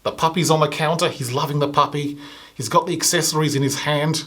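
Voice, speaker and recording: A man's voice: on the high side, fairly even intonation, a little fast, fairly bright tone. A male comedian telling a long storytelling bit, slipping into raised voices to act out the people in it. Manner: acts out other people's lines with a raised voice. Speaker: stand-up comedian. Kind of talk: storytelling stand-up.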